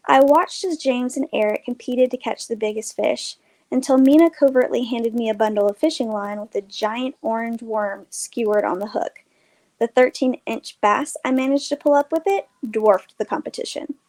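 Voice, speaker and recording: Woman narrating a story, light voice. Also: on the high side. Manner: measured, expressive reading. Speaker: storyteller, host.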